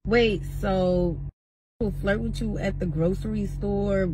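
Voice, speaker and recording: A woman's voice: fairly low pitch, steady tone, measured pace, background noise. A woman giving an incredulous, sassy comedic rant.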